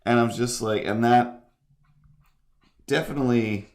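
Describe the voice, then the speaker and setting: A man's voice: medium pitch, a little slow. A man chatting casually while drawing on a live stream, rambling and self-deprecating. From near Cape Breton, Canada.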